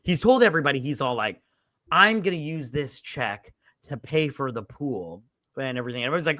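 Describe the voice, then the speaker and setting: A man's voice: medium pitch, lively intonation, fast, pushed and bright, dry recording, clean studio sound. A man casually retelling movie scenes on a podcast, rambling with lots of fillers and swearing. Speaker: podcast co-host. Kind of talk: casual movie review chat.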